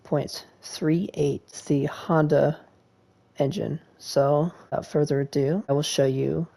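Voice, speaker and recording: Male sim-racing video host, casual rambling delivery full of fillers, flat and even in tone. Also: fairly high pitch, slow, vocal fry. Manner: rambling, with frequent ums and uhs. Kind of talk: casual gameplay commentary.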